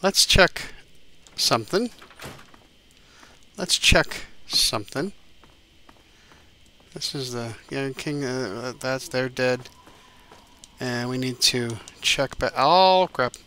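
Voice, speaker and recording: Bright-voiced man rambling over gameplay. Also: medium pitch, lively intonation, takes it slowly, long pauses. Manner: rambling, thinks aloud with many fillers. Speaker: gaming YouTuber. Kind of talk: let's play commentary.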